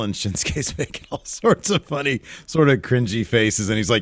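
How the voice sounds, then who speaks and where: A man co-hosting a podcast, casually recapping wrestling and acting out the wrestlers' lines in animated voices. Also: fairly low pitch, unhurried, no echo, clean studio sound. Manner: retells matches with animated quoted voices. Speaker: podcast co-host.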